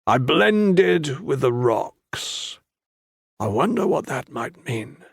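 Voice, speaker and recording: A male narrator voicing a stern, cryptic older monk who lectures his pupil through slow, probing questions. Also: fairly high pitch, expressive, vocal fry, dry recording, clean studio sound, exaggerated voice. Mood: stern lecturing.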